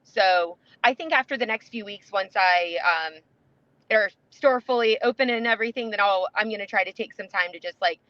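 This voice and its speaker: A woman's voice: mid-range voice, moderate pace, no echo, dull audio. A woman guest on a podcast, talking casually in a rambling way with many fillers and restarts. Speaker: podcast guest, competitive player. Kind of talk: casual interview chat.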